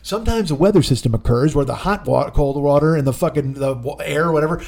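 A man's voice: fairly high pitch, quick pace, gravelly, a little mellow. Rambling, profane man telling a story. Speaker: podcast host. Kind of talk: casual comedic storytelling.

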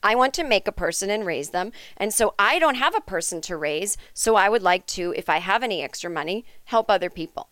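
A woman's voice: medium pitch, expressive, fairly quick, few pauses, fairly bright tone, no room sound, clean studio sound. A woman hosting a comedic podcast, ranting in a sarcastic, indignant and profane way. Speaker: podcast host. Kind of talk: comedic rant monologue.

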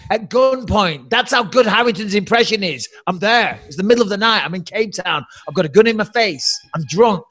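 A man hosting a podcast in casual, rambling chat, animated and swearing often, laughing a lot. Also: sits high, a little fast, few pauses, no echo. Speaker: podcast host.

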